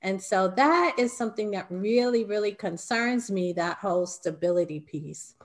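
A woman's voice: medium pitch, animated, normal speed. A woman hosting an interview, asking questions in an attentive, conversational way and sharing her own experience. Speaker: interview host.

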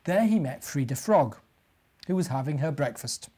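A man, a minister, gently reading a storybook and talking to young children. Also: fairly high pitch, animated, normal speed, slightly rough.

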